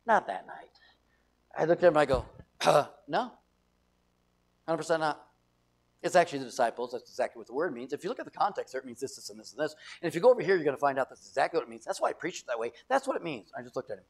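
A man preaching to his congregation in a folksy, storytelling way. His voice sits a little high for a man and has a gravelly, creaky edge. He jumps between quick asides and restarts. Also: sing-song. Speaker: pastor. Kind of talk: sermon.

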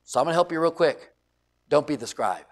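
A middle-aged male pastor preaching a sermon, telling stories with loud emphasis and quiet asides. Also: fairly high pitch, fairly quick. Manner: animated storytelling, shifts between loud emphasis and quiet asides.

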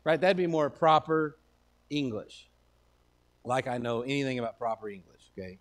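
A man's voice: mid-range voice, lively intonation, moderate pace. A man with a Texan accent preaching a sermon in a folksy, conversational way that swells into emphatic declarations. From Texas. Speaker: pastor.

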